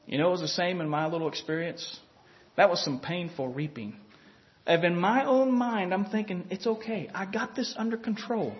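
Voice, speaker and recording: A man with a very high voice preaches a sermon, his pitch rising and falling as he tells a story. He acts out the inner voices of the people he describes and chuckles between points. The recording is dull and lo-fi.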